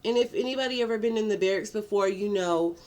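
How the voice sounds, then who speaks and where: A woman telling a personal story in a casual storytime vlog, animated and profane, dragging out words for emphasis. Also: medium pitch, fast talker. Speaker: vlogger.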